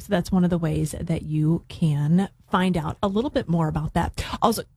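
A woman's voice: lowish voice, moderate pace, dark tone, slightly rough, no echo. A woman co-hosting a live radio show, reading community announcements in a conversational way. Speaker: radio news anchor and co-host. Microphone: studio microphone.

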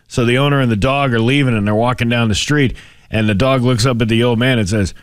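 A man co-hosting a morning radio show, telling a joke in an animated way. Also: mid-range voice, brisk. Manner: animated storyteller, jumps into character voices. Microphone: studio microphone.

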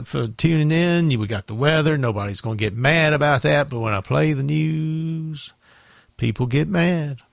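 A man hosting a morning radio show, chatting in a relaxed, folksy, easygoing way between records. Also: on the high side, vocal fry, no room sound. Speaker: radio host. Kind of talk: casual radio chat. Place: radio studio.

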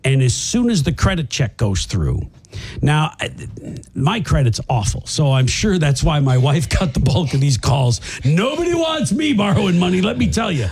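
Animated, husky-voiced middle-aged man. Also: fairly high pitch, moderate pace. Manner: animated storyteller, laughs, acts out quotes. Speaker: guest telling a story. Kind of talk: casual chat.

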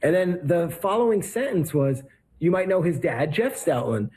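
A male podcast host with a slightly husky, higher-set voice. He tells chatty stories and wraps up with upbeat shout-outs in a relaxed, casual way. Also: moderate pace. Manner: chatty, storytelling, upbeat plugs. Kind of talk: casual podcast chat and sign-off.

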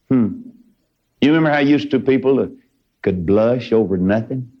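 A man's voice: medium pitch, expressive, normal speed, pauses often, dark tone. Fiery country-style preacher guy, voice jumps all over, dull old recording. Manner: folksy, fervent preaching with sudden rises. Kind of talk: sermon.

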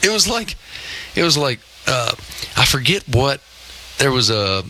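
A man's voice: medium pitch, sing-song, a little slow, bright, forceful tone, slight background noise, rough recording. A man in his fifties co-hosting a sports talk show, telling self-deprecating stories in casual chat.

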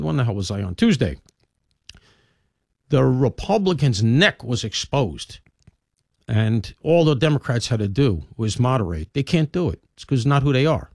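A talk radio host delivers an opinionated monologue, his fairly high voice leaping up and dropping low as he makes his points. The sound is dry and close, with no room around it. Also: gravelly, no echo. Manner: animated, emphatic swings in pitch and loudness. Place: radio studio.

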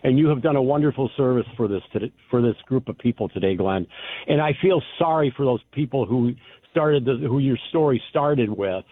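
A man's voice: medium pitch, expressive, a little fast, dry recording. A man calling in to a radio talk show, speaking in a heartfelt way. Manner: warm, heartfelt. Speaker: caller. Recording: phone line.

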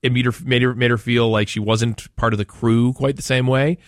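A man's voice: mid-range voice, steady tone, a little fast, no room sound, studio quality. A man from Maine hosting a talk radio show, chatting in a rambling way with frequent restarts. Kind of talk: casual talk radio chat.

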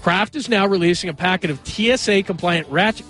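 A man's voice: sits high, a little fast, fairly bright tone, soft background music. A man hosting a sports radio show, chatting casually and rambling a little as he moves from one story to the next. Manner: chatty, rambling, eager to joke around.

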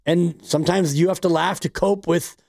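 A man's voice: a little high, steady tone, moderate pace, creaky, a little mellow, dry recording, clean studio sound. A man co-hosting sports talk radio in a wry, conversational way. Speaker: radio co-host.

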